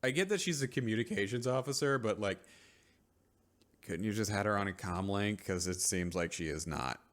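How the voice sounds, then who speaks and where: Low-ish voiced guy ranting loosely about a show, keeps saying like, mocks the characters. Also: lively intonation, a bit bright. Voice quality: rambling, lots of filler "like". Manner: mocks characters in quick quoted asides. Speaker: vlogger reviewing a TV episode. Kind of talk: casual rant recap.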